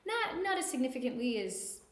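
A woman with a Canadian East Coast accent, chatting in a casual, animated way. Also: high-pitched, brisk. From Nova Scotia, Canada. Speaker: conversation partner. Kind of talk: casual chat. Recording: roomy echo.

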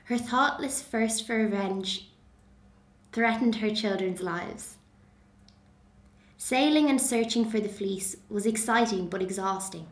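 A woman from Dublin speaks with a neutral Dublin Irish accent at an average pitch. She reads steadily, then talks about herself in an easy way with plenty of ums. The sound bounces around an echoey room. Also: slow pace, pauses often. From Dublin, Ireland. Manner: relaxed, with frequent ums. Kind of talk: reading a passage, then casual talk about her accent.

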